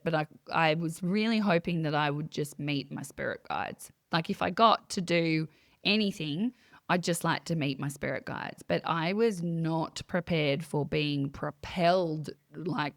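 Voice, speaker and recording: A woman guest on a conversational podcast, telling a personal story in an animated way and acting out her own quoted thoughts. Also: fairly low pitch, no echo, clean studio sound. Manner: many fillers and restarts. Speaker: guest, psychic medium. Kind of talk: casual interview storytelling.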